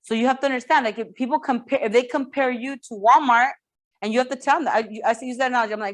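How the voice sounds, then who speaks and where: A woman coaching real estate agents in a lively training talk, often repeating herself and checking that the room follows. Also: a little high, fast talker. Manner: energetic, repeats words, asks the room for checks.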